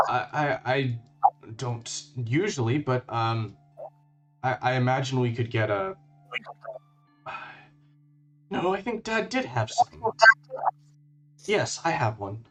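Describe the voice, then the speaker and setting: A man's voice: medium pitch, sing-song, faint music behind. A man voicing a wounded, winded young shopkeeper. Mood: halting. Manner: halting, stammering, winded.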